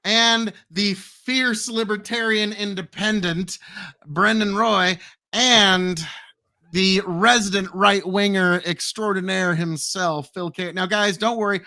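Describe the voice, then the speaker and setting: A man with a high, bright voice hosts a loose, jokey chat. He hams up his introductions and trades wry remarks with his friends. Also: fairly even intonation, a little slow. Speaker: podcast host. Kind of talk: casual chat reacting to old posts.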